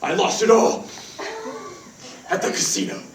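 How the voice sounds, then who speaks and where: A young male student actor playing a man who fakes a low, clipped assassin voice on a theater stage. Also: unhurried, lightly acted. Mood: sheepish. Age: young adult. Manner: low clipped deadpan menace. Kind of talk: live stage reading. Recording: echoey theater from far off, faint noise.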